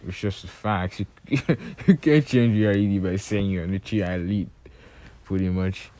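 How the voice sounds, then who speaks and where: A man's voice: deep voice, moderate pace, warm tone, lightly acted. A young man voicing a cocky young male ninja leader who mocks his rivals bluntly. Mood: taunting. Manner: mocking, blunt.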